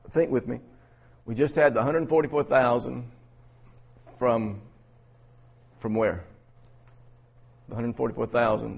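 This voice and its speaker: A man's voice: mid-range voice, darkish tone, husky, muffled recording. A man preaching a Bible lesson in a conversational way, with many restarts and rhetorical questions. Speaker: preacher teaching a Bible study. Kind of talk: sermon.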